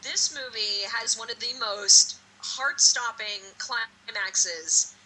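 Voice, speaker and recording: Bright, excitable woman co-hosting a podcast. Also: a little high, takes it slowly, a little hiss or hum, poor audio. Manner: animated, swearing, gushing. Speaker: podcast co-host. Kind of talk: casual chat.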